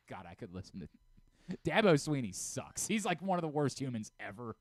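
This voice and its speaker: A middle-aged man hosting a sports radio show, ranting about football with rapid swings between low muttering and shouted outbursts. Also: very animated, dry recording. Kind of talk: opinionated sports talk. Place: radio studio.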